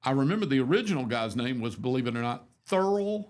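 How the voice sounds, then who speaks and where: A man's voice: mid-range voice, sing-song, fast talker, darkish tone. A man in his seventies, a radio host, telling rambling, self-deprecating stories in a casual, folksy chat. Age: 70s.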